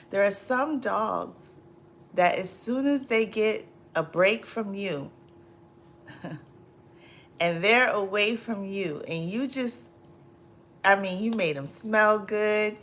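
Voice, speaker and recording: A woman chats on her livestream at an unhurried pace, her voice sitting at an ordinary pitch. She laughs often and talks in drawn-out, repetitive phrases with plenty of fillers. Faint room noise sits underneath. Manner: laughs often, reads and answers viewer comments. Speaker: livestream host. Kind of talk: casual livestream chat.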